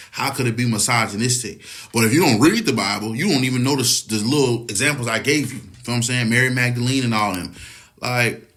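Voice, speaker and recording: Man of average pitch riffing in a loose, cursing monologue that keeps asking if you get it. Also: a bit bright. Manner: profane, rambling, keeps asking "you know what I'm saying". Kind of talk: casual opinion monologue.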